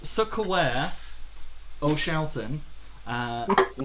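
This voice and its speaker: A man's voice: fairly high pitch, animated, slow, very noisy. Rambling man running a tabletop game. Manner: rambling, self-deprecating, swears casually. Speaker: game master. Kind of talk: narrating a tabletop game, casual chat.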